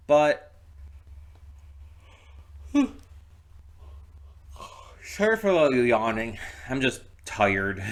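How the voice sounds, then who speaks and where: A man hosting a movie reaction channel, talking casually to camera in a rambling, low-key way with lots of restarts. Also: sharp tone. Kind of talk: casual direct-to-camera chat.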